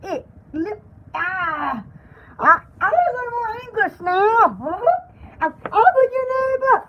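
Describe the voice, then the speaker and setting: She uses an extremely high, slow, fully committed character voice, though the highs are cut off. As a pampered poodle presenting a joke shopping show, the woman squeals and rambles with excitement, getting carried away at the smallest thing.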